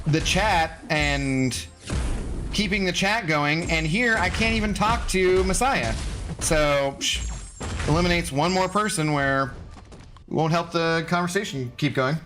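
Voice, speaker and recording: A man's voice: on the high side, a little slow, long pauses, over music. A man casually chatting with his live-stream viewers while gaming, rambling and answering chat messages. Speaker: game streamer.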